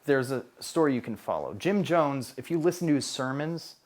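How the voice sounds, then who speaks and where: A man's voice: mid-range voice, lively intonation, normal speed. A man leading a casual training session for a group, talking in bursts with frequent restarts.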